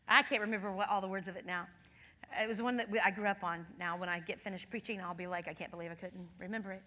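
Middle-aged woman guest minister, bright and fairly high, storytelling sermon with wide soft-to-loud swings, long hall reverb. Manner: storytelling, swings from soft near-whispers to loud excited outbursts. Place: church.

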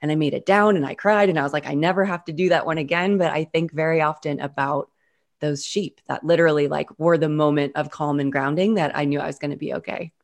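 Woman, low voice, animated storyteller, video call, frequent "like". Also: fairly quick, creaky. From Utah. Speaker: guest. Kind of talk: storytelling interview.

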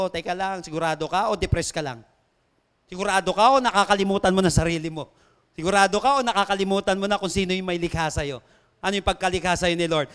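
High-voiced Filipino preacher in a reverberant hall. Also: male voice, fairly bright tone, smooth. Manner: slow emphatic scripture reading with quick conversational asides. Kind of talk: sermon.

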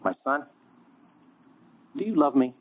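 A man voicing a gentle rabbi speaking softly and tenderly to a disciple. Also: mid-range voice, animated, takes it slowly, slightly rough, voice pushed up, heavily acted. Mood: pleading. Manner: soft, tender, pleading. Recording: tinny phone-like line.

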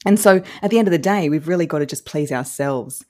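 A woman's voice: deep voice, quick pace, mellow. A woman giving encouraging advice as a podcast guest, with a polished, broadcast-trained delivery. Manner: upbeat, encouraging. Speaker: guest social media coach.

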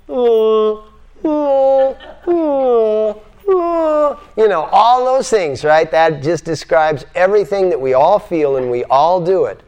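Older man teaching a spiritual class. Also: high-pitched. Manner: animated, acts out voices and repeats phrases. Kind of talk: spiritual lecture to a live class. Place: yoga center, indoors.

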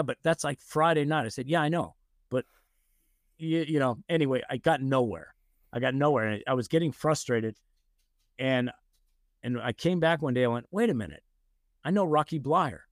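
A man's voice: mid-range voice, no room sound. Older man, from the United States, casual storyteller, acts out quotes, dry close sound. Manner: animated anecdotes, acts out quoted voices, frequent "you know". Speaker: guest.

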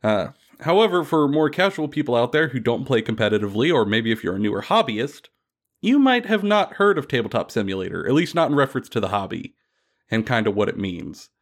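A man's voice: mid-range voice, brisk. A man hosting a casual gaming podcast, telling stories playfully with many fillers. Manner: animated, playful storytelling with lots of fillers. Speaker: podcast host. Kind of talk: casual tabletop gaming chat.

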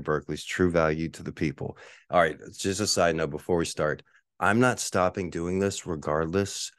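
A man with a very low, deep voice hosts a solo podcast from his apartment, talking nonstop in a profane, ranting way. The sound is dry and close, with no room echo at all. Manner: ranting, profane, mocking the neighbors in shrill voices. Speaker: podcast host. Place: one-bedroom apartment.

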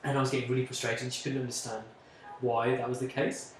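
A man in his twenties telling a candid personal story as a guest, chatty and open, often pausing on "like". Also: medium pitch, flat delivery, background noise. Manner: chatty, open, frequent "like" and self-interruptions. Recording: echoey room, distant mic.

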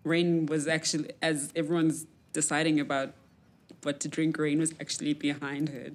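A woman's voice: deep voice, level tone, moderate pace. A woman player in a tabletop game, talking in a blunt, skeptical way. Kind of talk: tabletop role-play.

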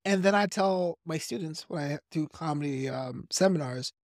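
A man from New York with a softened Brooklyn accent, a comedian guest on a podcast, talking fast in an animated, practiced radio-style way. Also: on the high side, no echo, clean studio sound. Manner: self-described fast talker. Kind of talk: podcast interview.

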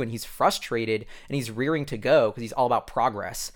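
Fast, rambling male vlogger. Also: medium pitch. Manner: rambling, filler-heavy, excitable. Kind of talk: casual commentary recap.

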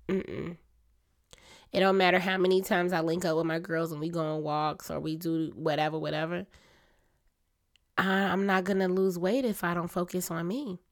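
A young adult woman hosting a casual personal podcast, chatty and confiding, her voice a little hoarse and throaty. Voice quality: deeper, grown-up voice than her usual small one. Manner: chatty, confiding, talks straight to listeners as y'all. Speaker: podcast host.

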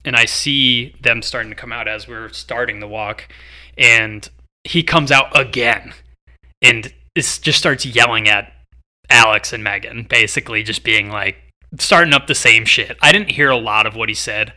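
Rambling young man, bright voice. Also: medium pitch, moderate pace. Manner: rambling storyteller, filler-heavy. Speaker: podcast co-host. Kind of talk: casual chat.

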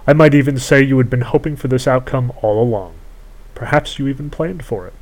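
A man's voice: medium pitch, fairly quick, a little mellow, close to an everyday voice, rough recording. A man voicing a defiant young princess. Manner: firm, accusing.

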